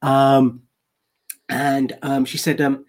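A man's voice: medium pitch, monotone, slow, soft background music. An English man co-hosting a casual chat, telling rambling anecdotes with frequent restarts and laughs.

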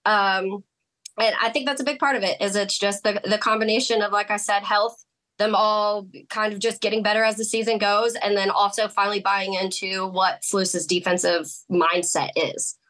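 A woman talking football as a podcast guest in casual chat, chatty and quick, laughing now and then. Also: medium pitch, fairly even intonation, fairly bright tone. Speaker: guest sports analyst.

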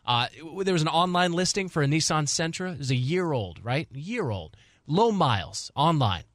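A sports radio host in his forties tells a long story during casual chat, animatedly acting out the people he quotes. His voice is fairly high at a moderate pace, recorded dry and at studio quality on a studio mic in a radio studio.

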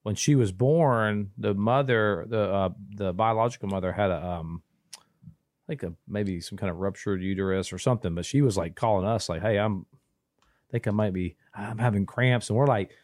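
A man, telling a long story in casual podcast chat, rambling and restarting, animated when he quotes people. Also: on the low side, moderate pace, no echo, studio quality. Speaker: podcast co-host.

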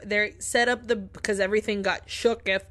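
A woman co-hosting a podcast, retelling a film's plot in a lively, casual way, acting out the characters' lines and swearing freely. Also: mid-range voice, moderate pace. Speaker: podcast co-host. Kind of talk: casual film recap chat.

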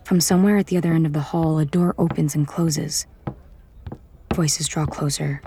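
A woman narrating an audiobook in the first person, in a measured, intimate way. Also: sits low, steady tone, mellow, slight background noise.

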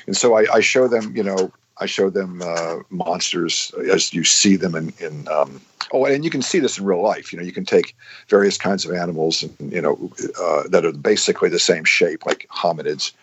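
A man's voice: deep voice, normal speed, breathy edge. A man explaining science in casual podcast chat, with frequent restarts and fillers.

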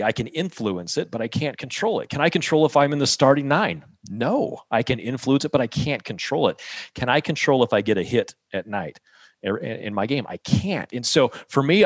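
A man's voice: mid-range voice, no echo, studio quality. A man giving a coaching talk to young players, emphatic, repeating key phrases and asking rhetorical questions. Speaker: mental performance coach.

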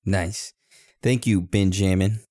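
A man's voice: low voice, steady tone, takes it slowly, mellow, dry recording, studio quality. A man co-hosting a podcast, reading listener reviews aloud in a casual, joking way and going off on playful tangents. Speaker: podcast co-host.

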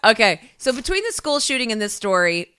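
A woman's voice: on the high side, very animated, fairly quick, bright, forceful tone. A woman co-hosting a casual chat who rambles, swears freely and laughs a lot. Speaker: podcast co-host.

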